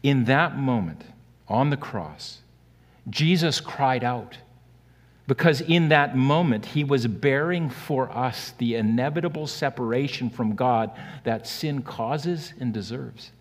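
A man preaching a sermon earnestly, swinging between loud emphatic peaks and quiet, hushed lows. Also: takes it slowly. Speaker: pastor. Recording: long hall reverb.

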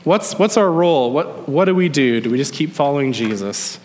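Young pastor, man, conversational sermon, drawn-out emphasis, echoing hall sound. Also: on the high side, lively intonation, a little mellow, a little hiss or hum. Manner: conversational preaching, stretches key words slowly. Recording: long hall reverb.

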